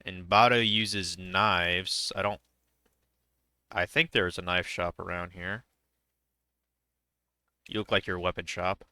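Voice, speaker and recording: A young man talks casually while he plays a game, rambling and stopping often. His voice is very bright and crisp. It sounds close and dry. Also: low voice, fairly even intonation, slow, pauses often, no echo. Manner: rambling and hesitant, many fillers. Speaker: streamer. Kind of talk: casual chat while gaming.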